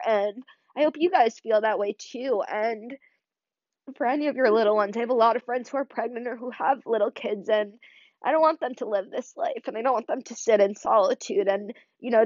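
A woman's voice: on the high side, no room sound. A young adult woman hosting a podcast, choked up and near tears, talking earnestly and rambling with lots of fillers. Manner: earnest, rambling, many "like" and "you know" fillers. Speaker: podcast host. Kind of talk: heartfelt solo podcast monologue. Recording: dry, slightly dull lo-fi sound.

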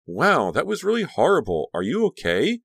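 A man's voice: a little high, wildly swooping pitch, normal speed, fairly bright tone, breathy edge, no room sound, studio quality, pitched above the performer's own voice, heavily acted. A man voicing a caring, worried teenage girl in an audiobook, speaking in a raised, anxious register. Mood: concerned.

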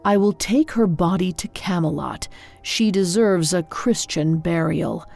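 A woman's voice: lowish voice, a little slow, creaky, a little mellow, faint music behind. A woman voicing a grief-stricken king of knightly legend in a storybook reading, speaking in solemn, formal words. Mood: grieving.

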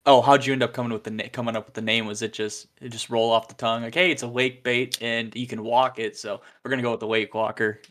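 A man hosting a podcast, asking loose, relaxed questions and dropping short backchannel replies. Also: mid-range voice, fast talker, hardly any pauses. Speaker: podcast host. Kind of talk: casual interview chat.

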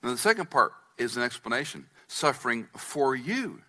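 A man's voice: mid-range voice, big pitch swings, normal speed, bright, forceful tone. A man preaching an expository sermon as pastor, walking the congregation through a scripture passage and checking that they follow. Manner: teaching, asks the congregation to follow along.

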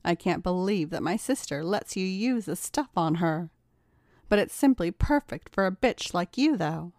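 A woman voicing a smug, domineering woman who taunts and gives orders with a slow, purring delivery. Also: fairly low pitch, animated, darkish tone, no echo, studio quality, lightly acted. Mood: taunting.

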